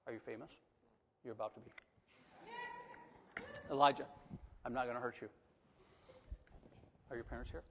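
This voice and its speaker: A man preaching a sermon in a church, animated, swinging from loud emphatic lines to soft, coaxing asides. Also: mid-range voice, normal speed, long pauses, slight background noise. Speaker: pastor. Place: church sanctuary. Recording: long reverb of a church hall.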